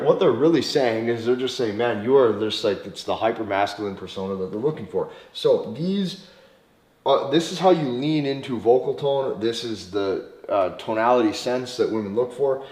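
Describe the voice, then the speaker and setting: A man's voice: medium pitch, a little mellow. A man with a North Dakota accent, teaching in an emphatic way, repeating key phrases and checking in with "okay?". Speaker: dating coach. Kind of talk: instructional talk to camera. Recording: echoey room.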